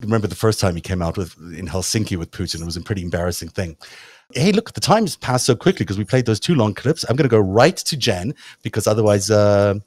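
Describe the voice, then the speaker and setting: South African man hosting, low dry voice. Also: fast talker, no echo. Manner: relaxed and chatty, leans on "you know" fillers. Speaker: host. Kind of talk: casual talk-show chat.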